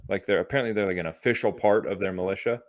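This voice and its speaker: Deadpan low-voiced co-host. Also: male voice, dry recording. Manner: deadpan quips, quick asides. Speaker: podcast co-host. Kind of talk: casual banter.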